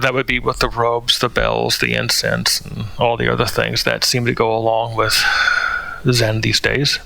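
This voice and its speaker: A man's voice: mid-range voice, vocal fry, pushed and bright, no echo. A man talking through a spoken commentary in a hesitant way, with many fillers and restarts. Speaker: channel host.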